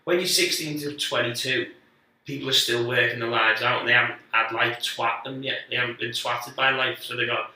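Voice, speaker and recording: A man with a bright, steady, medium-pitched voice tells casual podcast stories as a guest comedian, rambling and swearing while mocking himself in quick asides. The room is echoey, and he's distant from the microphone.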